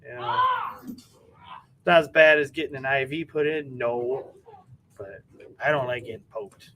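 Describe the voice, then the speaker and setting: A man's voice: medium pitch, measured pace, a little hiss or hum. A man from Michigan with a Midwestern American accent, hosting a live stream in casual chat and reading out viewer comments. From Michigan, USA. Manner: chatty, relaxed, joking.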